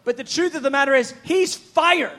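High-voiced fervent male preacher. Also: normal speed, sharp tone. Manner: fervent, conversational and rambling. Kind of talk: sermon.

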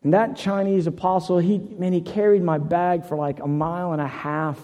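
A man's voice: high-pitched, flat delivery, moderate pace, dark tone, big-room sound. A man preaching a sermon, telling a personal story in an earnest way, often repeating and restarting phrases.

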